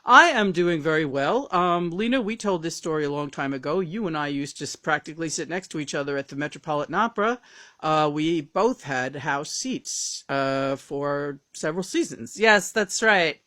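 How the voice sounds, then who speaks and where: A woman channeling the spirit of a famous late male actor, speaking in a polished, theatrical, loud way. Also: low voice, expressive, normal speed. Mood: gracious.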